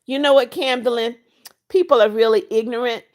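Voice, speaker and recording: A woman in her seventies hosts a casual livestream, reading viewer comments. Her voice sits on the high side, steady and darkish, and she talks fairly quickly. In a blunt, motherly way, she greets viewers by name and blesses them.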